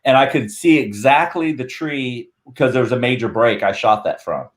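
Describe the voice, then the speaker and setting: A man on a podcast as a guest researcher, telling a rambling, animated story in casual chat. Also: medium pitch, normal speed.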